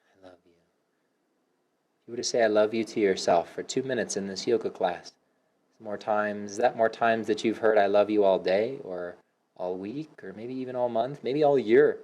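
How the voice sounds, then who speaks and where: Man guiding a soothing yoga class. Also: on the low side. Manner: slow, soothing cues with audible sighs; drops to a soft whisper for affirmations. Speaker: yoga instructor. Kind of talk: guided yoga class instruction.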